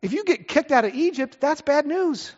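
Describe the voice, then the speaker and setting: A man's voice: very high-pitched, expressive, moderate pace. A middle-aged man preaching a conversational sermon from the pulpit, full of asides and rhetorical questions. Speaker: pastor. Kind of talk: expository sermon. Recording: echoey hall, slightly dull sound.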